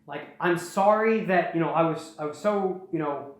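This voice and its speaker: A woman voicing a young male hero who pleads and apologizes haltingly, recorded in a very echoey room. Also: fairly low pitch, natural voice. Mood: apologetic.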